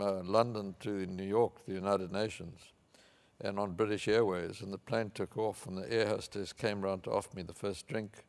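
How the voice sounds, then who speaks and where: An older man from Africa, giving a measured, anecdotal conference speech with fillers. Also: fairly low pitch, gravelly. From South Africa. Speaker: keynote speaker.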